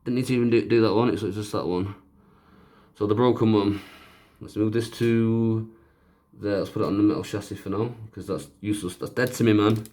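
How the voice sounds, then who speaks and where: A man's voice: on the low side, steady tone, brisk, warm tone. A man narrating a home repair video in a chatty, joking way, making fun of himself as he works. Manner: chatty, joking, self-mocking aside-talk. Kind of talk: casual narrated repair tutorial.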